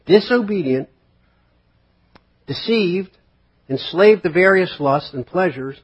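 A man with a high, slightly rough voice preaches slowly but with lively intonation, posing rhetorical questions and acting out quotes in a conversational sermon. It comes through as a dull, lo-fi recording.

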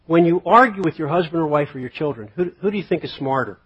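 Husky-voiced pastor preaching a sermon. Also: male voice, on the high side, lively intonation, fast. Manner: conversational, rhetorical questions, acts out quotes. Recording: dull lo-fi sermon recording.

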